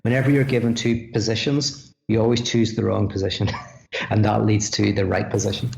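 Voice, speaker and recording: An Irish man who is a podcast guest, explaining ideas in an animated way with quick asides. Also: on the low side, gravelly, slight background noise. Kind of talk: podcast conversation. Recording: echoey room, dull lo-fi sound.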